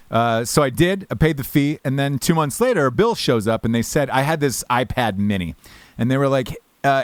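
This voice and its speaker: A man hosting a podcast, telling a story in a casual, animated way with frequent swearing. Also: medium pitch, a little fast, no room sound. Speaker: podcast host.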